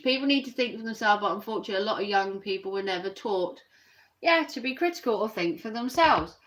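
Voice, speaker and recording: A woman's voice: mid-range voice, a bit bright, a little hiss or hum. A woman ranting on a live stream and reacting to her chat, sarcastic and mocking.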